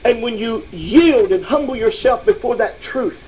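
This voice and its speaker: A man preaching a sermon with impassioned emphasis, often pushing his voice to a shout and dropping "uh" between phrases. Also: extremely high pitch, animated, normal speed, rough recording. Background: faint congregation responses.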